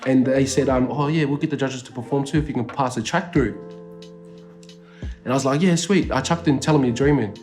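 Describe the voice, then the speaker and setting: A man with an Australian accent talks in an easygoing interview, full of slang, swearing and fillers. His voice sits in an ordinary middle register. Soft guitar music plays faintly underneath. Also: medium pitch, fairly even intonation, fairly quick. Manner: laid-back, slangy, swears freely, many fillers. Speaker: rapper interviewed as guest. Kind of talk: casual interview chat. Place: indoor studio.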